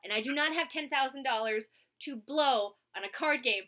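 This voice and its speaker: A woman's voice: sits high, normal speed, sharp tone. A woman from Scotland with an American accent, hosting a podcast in a blunt, casual chat that is full of laughter. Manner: blunt, swears, laughs often. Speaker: podcast host.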